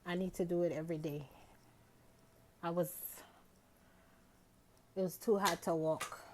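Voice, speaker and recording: Woman vlogger, unhurried and chatty, rambling casual delivery. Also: lowish voice, fairly even intonation, darkish tone, a little hiss or hum. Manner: chatty, rambling, drawls out words. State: out of breath after a bike ride. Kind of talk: casual day-in-my-life vlog.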